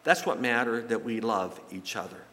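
A man giving a sermon in a church, telling folksy stories and jokes with halting repeats. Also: mid-range voice, animated, fairly bright tone. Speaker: pastor. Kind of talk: sermon with anecdotes. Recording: long reverb from a large hall.

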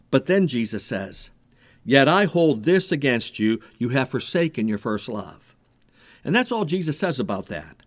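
A man preaching a sermon, animated and repeating himself as he builds his point. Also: fairly high pitch. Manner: animated preaching with repetitions and a told joke. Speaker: pastor.

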